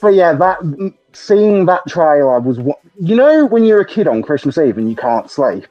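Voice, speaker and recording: A British man hosting a podcast, chatting excitably with lots of laughter and swearing. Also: a little high, normal speed, muffled recording, soft background music. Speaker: podcast host. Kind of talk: casual chat.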